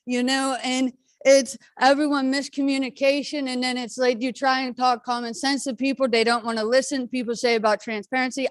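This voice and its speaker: A woman speaking as a parent at a school board meeting's public comment, halting with many fillers and restarts and sounding frustrated. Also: a little high, dry recording.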